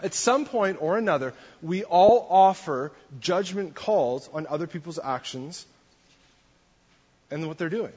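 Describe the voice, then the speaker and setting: A man with a fairly high voice preaches a relaxed, chatty sermon, often turning questions back to the congregation. The sound is dull and lo-fi, with a long reverb hanging in the church hall. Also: a little slow, slightly rough. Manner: conversational, asks the audience questions. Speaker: pastor.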